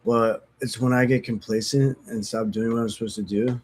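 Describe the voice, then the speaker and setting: A man's voice: mid-range voice, fairly even intonation, moderate pace, a little mellow, breathy edge. A man talking candidly and casually about recovery, frank and profane, rambling and self-mocking, sniffly from opiate withdrawal. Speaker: recovery vlogger. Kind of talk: casual candid talk to camera.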